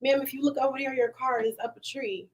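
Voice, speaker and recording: A woman guest in a casual podcast chat, telling stories in an animated, heartfelt way with casual slang. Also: high-pitched, fast talker, poor audio. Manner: animated storytelling with laughs; emotional, heartfelt.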